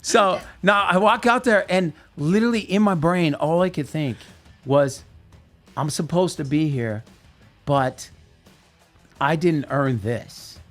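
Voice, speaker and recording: A man casually telling the story of how he got into music, animated and quick to act out the voices of people in his anecdotes. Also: a little high. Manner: laughs easily.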